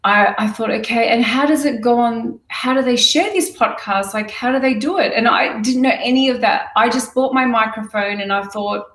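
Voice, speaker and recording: A woman podcaster tells her own story as a guest on an interview show. She talks candidly and with life, restarts her sentences often, and sits in a slightly higher register. Her voice sounds distant from the mic, in an echoey room. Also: normal speed, few pauses. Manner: lively, candid, full of restarts.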